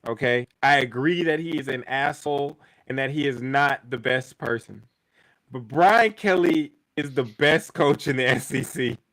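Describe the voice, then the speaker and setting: A man's voice: mid-range voice, moderate pace, fairly bright tone, rough recording. A man co-hosting a sports podcast, arguing his point emphatically in a casual debate, repeating himself for effect and swearing freely. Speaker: podcast co-host.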